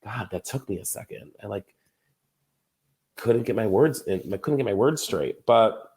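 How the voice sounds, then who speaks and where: A man's voice: lowish voice, lively intonation, moderate pace, a little mellow, husky. A young adult man hosting a casual recap podcast, gossipy and chatty, often laughing and acting out quotes. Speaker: podcast host.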